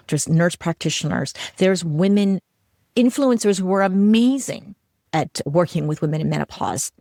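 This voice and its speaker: A middle-aged woman hosts a solo educational show, talking in a chatty, animated way with easy laughs. Her voice sits low with a gravelly fry, and the sound is dry and close. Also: no echo. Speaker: podcast host.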